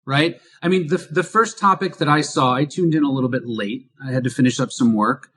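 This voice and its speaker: A man's voice: mid-range voice, brisk, fairly bright tone. A man co-hosting a political podcast, talking emphatically and asking rhetorical questions. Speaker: podcast co-host. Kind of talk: political commentary.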